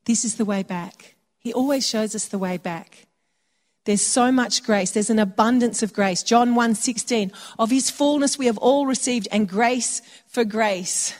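A woman with a slightly high voice delivers a sermon in a chatty, conversational manner, now and then acting out quoted lines. Her voice carries a long reverb, as in a hall. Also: normal speed. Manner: warm conversational preaching with acted asides. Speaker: preacher.

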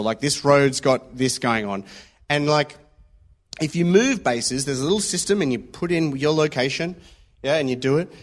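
A man with a slightly raised pitch delivers a casual sermon. He talks in a loose, anecdotal way, trailing into stories and checking in with the listeners as he goes. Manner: conversational, anecdotal, checks in with "yeah?". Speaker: preacher.

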